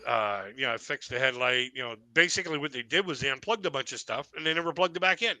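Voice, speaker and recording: A man's voice: medium pitch, expressive, fast, pushed and bright, no room sound. A man streaming and telling a funny story in a casual way. He talks wryly and swears freely. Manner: wry, swears freely, acts out quoted voices.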